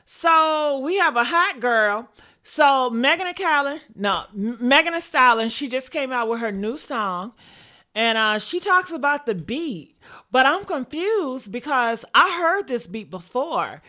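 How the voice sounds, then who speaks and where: A woman's voice: sits high, animated, unhurried, sharp tone. A woman hosting a casual gossip commentary show, loose and blunt, often laughing at herself.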